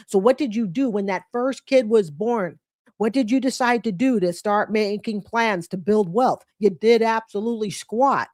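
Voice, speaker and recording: A woman's voice: mid-range voice, no echo, clean studio sound. A woman in her late fifties, a commentary host who reacts bluntly and scolds with a mocking edge. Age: 50s. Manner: blunt and scolding, mocks with put-on quotes. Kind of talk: commentary on a clip.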